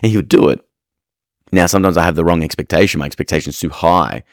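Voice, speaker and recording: A man talks through dog-training advice in a frank, rambling way, often circling back and restarting his sentences. His voice sits extremely low. The recording is dry and close, with no room sound. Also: fast talker, no echo. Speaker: dog trainer, podcast host. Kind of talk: casual advice monologue.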